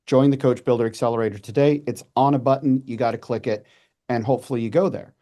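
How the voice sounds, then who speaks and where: Podcast guest, man in his 40s, warm mellow tone, chatty and animated, restarts often. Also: mid-range voice. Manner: animated, with quick restarts and acted-out asides. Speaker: podcast guest, messaging coach. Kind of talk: casual conversational advice.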